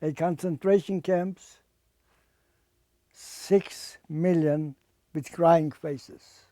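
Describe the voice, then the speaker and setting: Older man, halting survivor testimony, slightly high, mellow voice, dry close sound. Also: fairly even intonation, no echo. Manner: halting, repeats words, plain non-native English. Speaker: Holocaust survivor and artist. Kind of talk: personal testimony.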